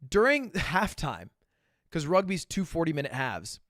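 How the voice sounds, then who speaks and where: A young man tells a story to his stream in a casual, self-mocking way, swearing often. His voice sits a bit high and swings widely in pitch, jumping to loud bursts and dropping to low asides. The sound is close and dry. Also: huge pitch swings, a little slow, dry recording.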